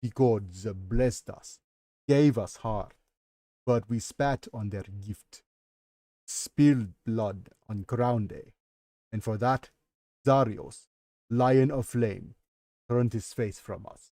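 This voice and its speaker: A man doing a slow, grave old record keeper. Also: lowish voice, warm tone, dry recording, clean studio sound. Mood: solemn. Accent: Russian put on over Nigerian. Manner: slow, solemn, heavy pronouncements.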